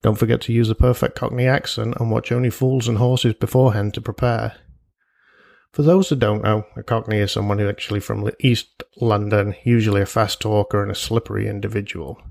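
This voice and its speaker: A man's voice: fairly low pitch, steady tone, fairly quick, creaky, darkish tone. A man hosting a solo personal finance podcast, chatty and jokey, with asides and imagined quotes from listeners. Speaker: podcast host.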